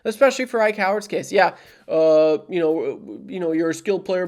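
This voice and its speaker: A man's voice: high voice, a little fast. A young man from Canada, a hockey vlogger and radio producer, ranting casually to camera with frustration and lots of repetition. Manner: animated, repeats himself, frustrated. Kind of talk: casual heated rant to camera.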